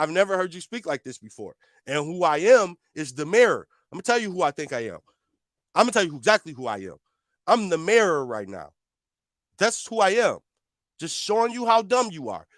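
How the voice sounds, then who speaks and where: A man's voice: high-pitched, a bit bright, no echo, clean studio sound. A man giving heated reaction commentary, confrontational and repeating his points as he talks back at a clip.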